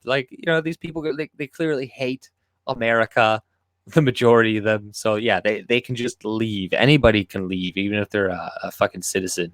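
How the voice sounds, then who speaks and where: A man with a fairly low voice hosts a casual livestream, rambling from one thought to the next with plenty of profanity. His voice sounds dry and close, with no room echo. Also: a little fast, a bit bright. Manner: rambling, profane, with frequent restarts. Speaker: livestream host.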